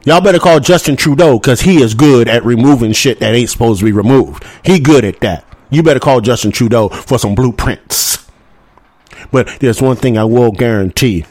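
A man's voice: medium pitch, normal speed, a little mellow, dry recording. A man hosting a political talk show, delivering a heated monologue full of profanity and rhetorical "hmm?" asides. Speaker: podcast host.

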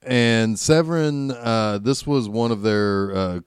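A man co-hosting a film podcast who talks slowly and hesitantly, filling his sentences with pauses and repeated words. His voice is smooth and resonant. It is recorded close up, with a dry sound. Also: fairly low pitch, no echo. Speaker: podcast co-host. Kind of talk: casual horror film discussion.

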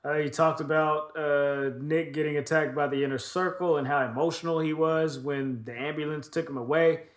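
A man's voice: on the high side, fairly even intonation, moderate pace. Loose, profane man recapping, roomy echo. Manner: loose, profane, rambling recap with many fillers. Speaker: podcast co-host recapping wrestling. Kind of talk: casual chat.

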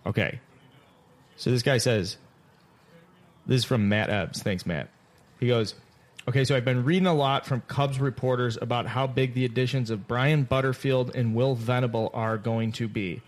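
A man's voice: mid-range voice, fairly even intonation, normal speed. A man hosting a casual sports podcast, brash and teasing, who swears freely. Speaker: podcast host.

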